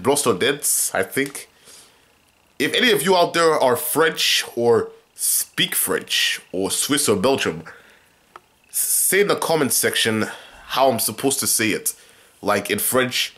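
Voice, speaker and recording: A young man vlogging at home, dramatic and whiny, swinging between loud complaints and mutters. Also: mid-range voice, animated, unhurried. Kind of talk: casual home vlog.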